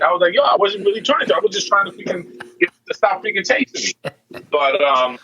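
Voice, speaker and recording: A man's voice: high-pitched, lively intonation, normal speed, pauses often, bright, forceful tone, slight background noise. A man calling into a podcast as a guest, telling a story in a rambling, casual way full of fillers, heard over a weak remote connection. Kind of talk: casual chat. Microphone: remote call with a weak signal. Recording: dull lo-fi call line.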